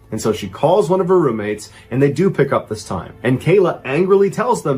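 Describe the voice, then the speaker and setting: A man telling a true crime story as host, with animated, dramatic emphasis. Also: mid-range voice, a little fast, slightly rough, soft background music.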